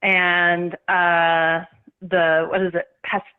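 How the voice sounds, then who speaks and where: A woman's voice: fairly low pitch, little pitch movement, drawn-out words, clear, resonant tone, phone-quality sound. A woman calling in, chatty and full of fillers. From Oklahoma, USA. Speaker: call-in caller. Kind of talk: casual call-in chat.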